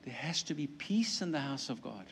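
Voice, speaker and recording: Animated preacher man in a reverberant hall. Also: medium pitch, moderate pace, creaky, breathy edge. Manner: animated, acts out quoted voices, playful asides. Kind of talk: sermon.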